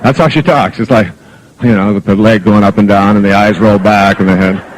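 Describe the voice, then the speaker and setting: A middle-aged man giving a live seminar talk as a motivational speaker, telling humorous stories with chuckles and moving between soft and emphatic delivery. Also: on the low side, fairly even intonation, fairly quick, a little hiss or hum, poor audio. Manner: humorous anecdotal storytelling with chuckles.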